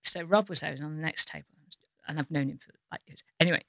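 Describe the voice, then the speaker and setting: A woman from North Wales telling a funny anecdote as a podcast guest, lively and animated. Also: quick pace, vocal fry, no room sound. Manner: lively storyteller, jumps into high voices for quotes. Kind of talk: casual chat, anecdote telling.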